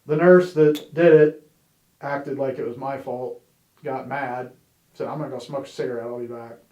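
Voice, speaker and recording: A man's voice: mid-range voice, dark tone. Candid man telling his testimony, roomy echo. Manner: candid, conversational, wry humor, many "you know"s. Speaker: church member sharing his testimony. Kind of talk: personal testimony storytelling.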